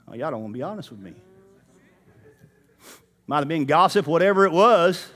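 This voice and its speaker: A man's voice: fairly high pitch, animated, brisk, pauses often, a bit bright. A man preaching a sermon in church, talking casually and straight to the congregation. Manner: conversational, addresses the congregation directly.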